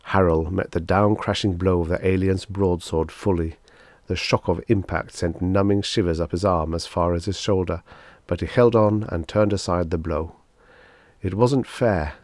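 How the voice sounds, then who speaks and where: A man narrating a science fiction short story in a measured, steady reading. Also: deep voice, no room sound. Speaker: audiobook narrator.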